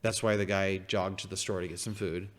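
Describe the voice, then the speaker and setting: A man co-hosting a podcast, chatting casually about a film with relaxed, agreeable remarks and quick quips. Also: low voice. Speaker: podcast co-host. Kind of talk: casual movie review chat.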